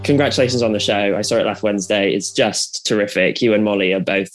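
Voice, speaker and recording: Male podcast host, low voice, nasal from a cold, chatty, faint music behind. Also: steady tone, quick pace. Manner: enthusiastic, chatty. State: has a cold. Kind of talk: conversational interview.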